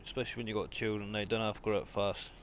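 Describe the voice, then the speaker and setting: A man's voice: on the low side, level tone, rapid-fire, a little hiss or hum. A man, chatting casually with viewers on a live game stream and greeting them as mate. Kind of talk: live-stream chat while gaming.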